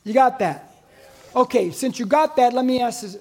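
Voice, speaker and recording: A man's voice: very high voice, lively intonation, moderate pace, a little mellow. A man preaching a sermon to a congregation in a church, conversational and playful, often asking the room questions. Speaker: pastor.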